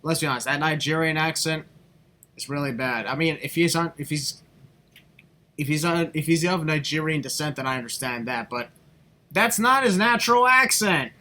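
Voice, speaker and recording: Bright-voiced joking podcast host man. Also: on the high side, normal speed. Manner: chatty, joking, rambling. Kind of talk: casual podcast chat.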